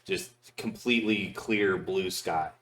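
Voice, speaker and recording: A man's voice: deep voice, slow pace. A man chatting casually on a podcast, telling stories with plenty of swearing. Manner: profane, animated storyteller. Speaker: podcast co-host. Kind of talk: casual chat.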